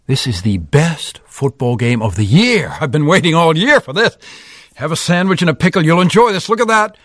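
A man's voice: on the high side, animated, normal speed, a bit bright, no room sound, clean studio sound. A man voicing a football-loving father who sounds earnest and a little lecturing. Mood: eager.

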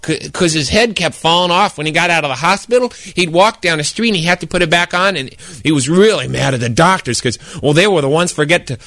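A man's voice: a little high, fast talker, hardly any pauses, fairly bright tone, dry recording. A man storyteller voicing an eager boy telling a spooky tale in a stammering, rambling way. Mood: earnest.

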